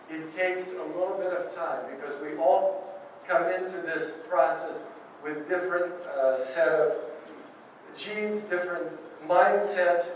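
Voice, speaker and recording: A man with a Russian accent addresses a group, earnest and encouraging, with dry humor aimed at himself. His voice sits high for a man. He is picked up from some distance in a very echoey meeting room with faint noise behind him. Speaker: ballet teacher speaking to a Parkinson's group. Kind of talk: public talk.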